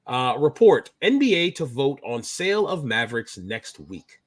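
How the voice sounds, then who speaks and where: A man's voice: mid-range voice, moderate pace. A man in his thirties co-hosting a casual basketball podcast, jokey and easily distracted. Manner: animated, jokey, distracted mid-talk. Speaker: podcast co-host. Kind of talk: casual sports chat.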